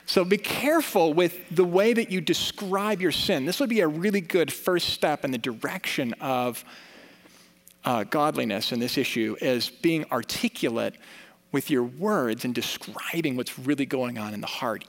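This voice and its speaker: Pastor, male, slightly high voice, earnest conversational sermon delivery, reverberant sanctuary sound. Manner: earnest, conversational preaching with rising emphasis. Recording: long reverb of a church hall.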